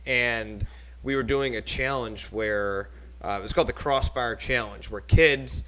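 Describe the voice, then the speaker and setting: Bright-voiced chatty male podcast host. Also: medium pitch, measured pace, low-quality recording. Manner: chatty rambling storyteller with frequent laughs. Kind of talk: casual podcast chat.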